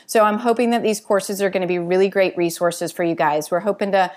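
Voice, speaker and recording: A woman in her thirties hosts her own health podcast. She talks casually and warmly straight to her listeners, filling pauses with "um" and "you know" as she answers their questions one by one. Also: medium pitch, fairly even intonation. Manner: warm, chatty, with many fillers. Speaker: podcast host, doctor.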